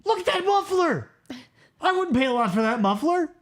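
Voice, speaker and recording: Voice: high voice, big pitch swings, moderate pace. Swearing radio host, swoops all over the place, brash and jokey. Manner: brash, joking, swears freely. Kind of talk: casual profane banter.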